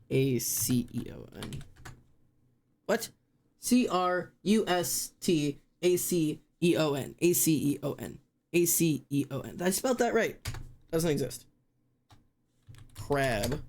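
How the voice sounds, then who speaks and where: An unhurried streamer at a home setup, talking through a word-guessing game in slow, drawn-out phrases. The voice sits in a middle register, and they spell words aloud letter by letter while teasing themself over mistakes in loose live-stream chatter. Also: mid-range voice, a little mellow, slight background noise.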